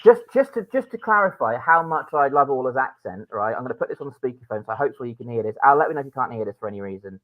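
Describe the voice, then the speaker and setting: A man's voice: mid-range voice, animated, racing, hardly any pauses. A man co-hosting a casual podcast, talking earnestly about casting and restarting his sentences often. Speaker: podcast co-host and drama producer. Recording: phone-like narrow sound.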